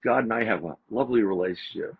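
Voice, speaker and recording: Gravelly, husky man telling a story. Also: lowish voice, fast. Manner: animated, repeats phrases for emphasis. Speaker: podcast guest. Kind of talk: casual storytelling. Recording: slightly dull lo-fi audio.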